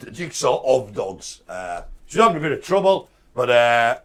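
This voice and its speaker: A man's voice: medium pitch, moderate pace. Guy co-hosting a live stream, joking around, voice bouncing up and down a lot. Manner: jokey, lively banter. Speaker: co-host. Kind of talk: casual live-stream chat.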